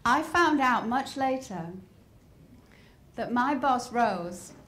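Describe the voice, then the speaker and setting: High-voiced English woman telling a lively story. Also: takes it slowly. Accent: softened English accent. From north of England. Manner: lively, humorous, asks the audience questions. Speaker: speaker. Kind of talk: motivational storytelling talk. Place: large hall before an audience. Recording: roomy hall with faint crowd ambience.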